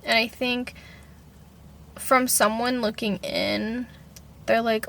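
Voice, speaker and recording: A young woman speaking to camera in an unhurried personal vlog. Her voice sits a little high and she drifts through her thoughts, leaning on "like" and swearing casually. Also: little pitch movement, creaky, fairly bright tone, a little hiss or hum. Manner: rambling, heavy on "like", swears freely. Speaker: vlogger.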